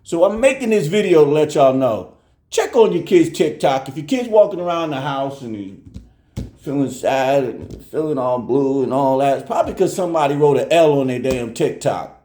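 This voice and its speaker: A man's voice: on the high side, moderate pace, roomy sound. A man telling a casual story to his viewers at home, acting out every person's voice as he goes. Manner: animated, acts out everyone's voices. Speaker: vlogger.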